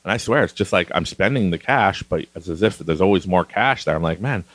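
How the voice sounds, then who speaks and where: A man's voice: deep voice, animated, a little fast, fairly bright tone, no echo. A middle-aged man from Canada hosting a podcast, rambling casually and laughing often as he talks. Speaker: podcast host. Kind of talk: casual monologue.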